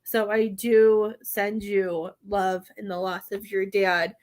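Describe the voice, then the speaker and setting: A woman's voice: mid-range voice, flat delivery, takes it slowly, a little mellow. A woman giving a psychic medium reading on a live stream, talking in a hesitant, rambling way with many fillers and often getting choked up. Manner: emotional, gets choked up.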